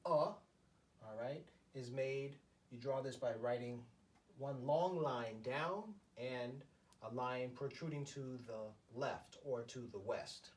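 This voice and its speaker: A man teaching a beginner lesson at a board, explaining slowly and haltingly with many fillers. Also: mid-range voice. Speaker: language teacher. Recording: voice from far off the mic.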